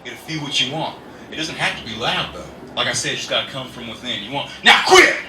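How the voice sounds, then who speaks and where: Recorded live at an indoor comedy show, a man with a fast, mid-range voice rambles through his stand-up set, laughing at his own jokes. The room echoes, the mic is distant, and a faint hiss runs underneath.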